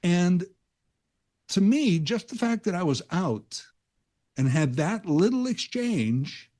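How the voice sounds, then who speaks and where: A man's voice: sits high, animated, slow, dark tone. A man guest-hosting a radio talk show, telling a rambling, self-aware story in a casual monologue into a studio microphone.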